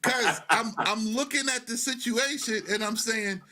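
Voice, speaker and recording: A podcast host, a man with an Arabic accent, speaks in a high, bright voice. He tells his stories with animation and laughs often in casual chat. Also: measured pace, slight background noise. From Arab world.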